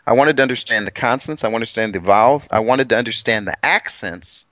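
A man's voice: mid-range voice, fast, sharp tone, no room sound, muffled recording. A man co-hosting a casual Bible study chat, rambling and self-deprecating, with plenty of restarts. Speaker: co-host.

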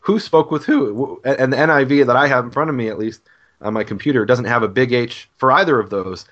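A man's voice: mid-range voice, fairly quick, fairly bright tone, highs cut off. A man co-hosting a casual scripture chat, explaining Hebrew grammar in a teacherly way. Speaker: Hebrew scholar co-host.

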